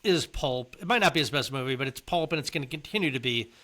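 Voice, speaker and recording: A man's voice: medium pitch, expressive, quick pace, sharp tone. A man co-hosting a casual podcast chat, conversational and often putting questions to his partner. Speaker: podcast co-host.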